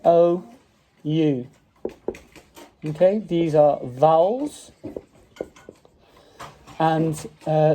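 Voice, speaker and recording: Staffordshire guy teaching vowels at the kitchen table, slow and patient, mellow voice, phone propped up on the table. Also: a little high, a little hiss or hum, low-quality recording. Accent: English Midlands, Staffordshire. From English Midlands. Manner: patient, drawn-out repetition of vowel sounds. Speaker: English teacher. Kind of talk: home phone-video phonics lesson. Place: home dining room with children present. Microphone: mobile phone propped on table.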